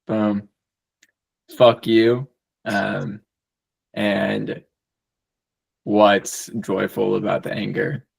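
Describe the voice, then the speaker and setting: Low flat-voiced guy hosting a podcast, husky, asks short pointed questions. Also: drawn-out words, long pauses. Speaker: podcast host. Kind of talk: casual chat.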